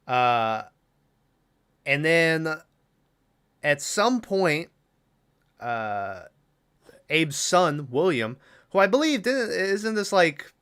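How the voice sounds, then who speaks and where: Bright, clear-voiced man recapping a film. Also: on the high side, big pitch swings, extremely slow, long pauses. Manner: rambling, profane, lots of fillers. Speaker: podcast co-host. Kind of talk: casual movie recap.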